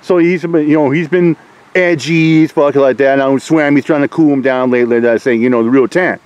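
A man's voice: medium pitch, fairly even intonation, a little fast, darkish tone, clean tone, no room sound, rough recording. A middle-aged man ranting at his online critics, taunting and swearing with mocking laughs. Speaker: YouTuber ranting at trolls. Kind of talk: profane rant to camera.

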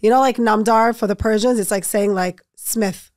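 A woman speaking as a guest on a podcast, talking casually and turning soft and halting at the painful moments. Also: mid-range voice, fairly even intonation, dry recording, studio quality. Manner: soft-spoken, halting when speaking of grief. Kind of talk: casual interview conversation.

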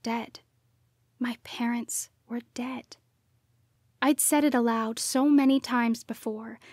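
Hushed, slow-reading woman narrator. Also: a little high, no room sound, clean studio sound. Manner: hushed, often dropping to a whisper. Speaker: audiobook narrator. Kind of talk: first-person audiobook narration.

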